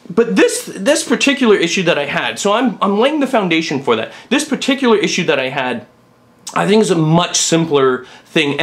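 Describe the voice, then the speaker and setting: Middle-aged male vlog host, fairly high pitch, blunt and opinionated, rants straight to camera. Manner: blunt, ranting, mocks others in put-on voices. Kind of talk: opinionated monologue.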